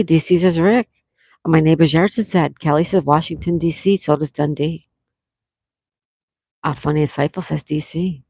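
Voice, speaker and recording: A woman near Fort Lauderdale, Florida, hosts a casual trivia livestream from home during a thunderstorm. Chatty, she reads viewers' names and answers from the chat and draws out each question. Her voice is deep and dark-toned, with no room sound.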